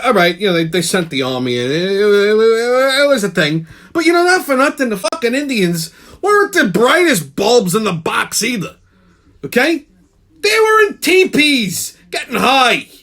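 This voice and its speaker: Brash male host, high lively voice, swearing tough-guy rant. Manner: brash tough-guy delivery, keeps asking "okay?"; heavy swearing. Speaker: channel host. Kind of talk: profane comedic rant to camera.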